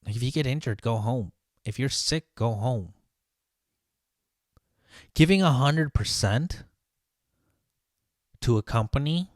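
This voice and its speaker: A man's voice: medium pitch, slow pace, long pauses, no room sound. Brief: line cook, male, casual profane storyteller, dry recording. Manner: profane, venting, animated.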